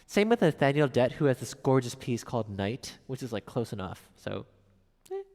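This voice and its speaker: A man's voice: mid-range voice, very animated, normal speed, darkish tone, big-room sound. A man streaming piano, chatting casually as he reads viewer messages aloud and answers them. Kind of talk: casual live-stream chat.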